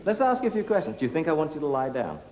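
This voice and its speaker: A man's voice: fairly high pitch, big pitch swings, rapid-fire, a loud crowd, low-quality recording. A middle-aged man, a dog trainer demonstrating to a class in a teasing, playful way and laughing often.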